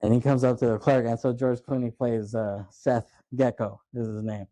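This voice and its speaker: A man's voice: medium pitch, level tone, moderate pace, dark tone, no room sound. A man co-hosting a film podcast, chatting casually and retelling scenes at length. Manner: rambling retelling of movie scenes. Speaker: podcast co-host.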